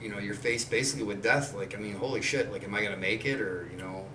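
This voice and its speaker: A podcast host in his forties talks quickly in a lowish voice, blunt and rambling in casual chat, with frequent swearing. There's background noise, and the recording feels roomy and distant with faint ambience.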